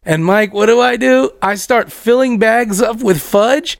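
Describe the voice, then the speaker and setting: A young man telling a story in casual podcast chat, animated and profane, laughing through it. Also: very high voice, a little slow, creaky, no room sound, studio quality.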